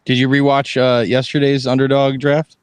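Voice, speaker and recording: A man's voice: mid-range voice, completely flat delivery, normal speed, clear, resonant tone, dry recording. Easygoing man, dry close sound. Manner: easygoing, chuckling, rambling with restarts. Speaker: podcast co-host. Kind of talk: casual live draft chat.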